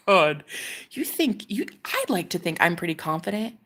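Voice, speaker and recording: A woman vlogger casually telling a personal story to her viewers, animated and swearing, often dropping into a whisper. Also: low-pitched, normal speed.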